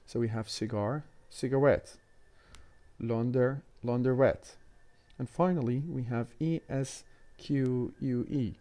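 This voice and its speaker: Mellow-voiced man giving a halting phonetics lecture. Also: medium pitch, no room sound. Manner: measured, explanatory, frequent "uh" hesitations. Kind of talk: recorded online lecture.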